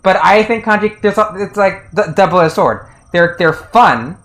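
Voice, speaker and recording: A fairly high-pitched man talks casually on his stream. His speech is loose and rambling, with frequent restarts, lots of fillers and easy chuckles. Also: lively intonation, measured pace, a bit bright, rough recording. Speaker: game streamer. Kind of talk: casual commentary on a game translation.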